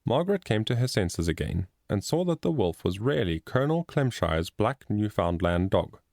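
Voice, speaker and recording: A man narrating a storybook chapter in a steady, expressive reading. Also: fairly low pitch, normal speed, gravelly, dry recording, studio quality. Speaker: audiobook narrator.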